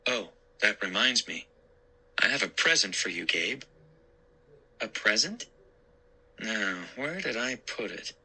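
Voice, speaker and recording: A man's voice: on the low side, animated, slow, long pauses, bright, forceful tone, slightly rough, full character voice, low-quality recording. A man voicing an uncle who loves telling corny jokes in a spooky storybook reading. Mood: joking. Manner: playful, joking. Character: jokey uncle, adult man, fond of dumb jokes.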